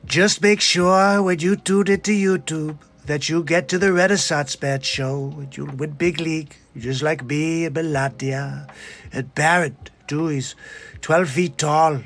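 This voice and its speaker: A man's voice: fairly high pitch, steady tone, a little slow, a bit bright, soft background music. A man doing a comedic impression of a boastful older politician who keeps repeating catchphrases.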